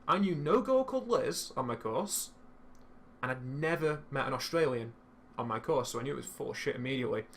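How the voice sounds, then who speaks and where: A young man telling a story in casual chat while streaming a game, swearing freely and animated. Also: mid-range voice, fairly quick, a little hiss or hum.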